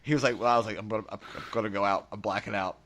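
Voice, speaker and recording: A man co-hosting a casual podcast, animated as he tells stories and acts out the dialogue, his voice still slightly raspy after a sore throat. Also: on the low side, very fast. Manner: animated storyteller acting out dialogue. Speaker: podcast co-host.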